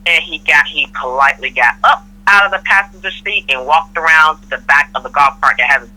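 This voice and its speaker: A woman's voice: low voice, brisk, sharp tone, poor audio. A middle-aged woman from Florida telling a work story in casual chat, acting out the people she quotes. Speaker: podcast guest, mother of host.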